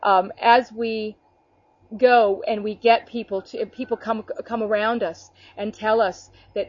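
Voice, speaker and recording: A woman's voice: fairly high pitch, steady tone, a little slow, highs cut off. A woman preaching an informal, earnest sermon to an online group, talking conversationally with restarts and acting out quotes.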